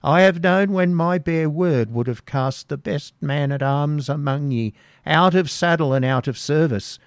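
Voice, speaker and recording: A man's voice: fairly high pitch, a little slow, dry recording, studio quality, pitched above the performer's own voice. A man voicing a spiteful, bitter old woman who mutters with scorn in a storybook reading. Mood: grumbling.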